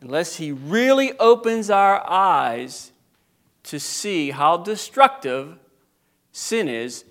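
A man preaching a sermon and reading scripture aloud, building from slow teaching to loud, fervent preaching. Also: high-pitched, big pitch swings. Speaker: pastor.

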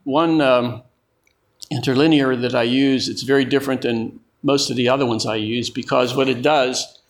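A man preaching a sermon in a slow, emphatic way, often repeating words for stress. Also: mid-range voice. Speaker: pastor.

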